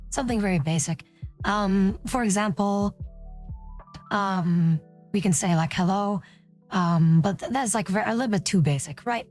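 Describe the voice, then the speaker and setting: A woman's voice: mid-range voice, a little mellow. Woman streamer teaching her dialect, lots of um and like, faint music behind. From West Flanders, Belgium. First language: West Flemish. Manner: rambling, full of "um" and "like". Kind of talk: casual live-stream lesson.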